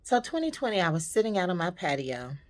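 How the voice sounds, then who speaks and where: A woman's voice: lowish voice, very animated, quick pace. A woman vlogger telling a personal story in a heartfelt, reflective and emotional way.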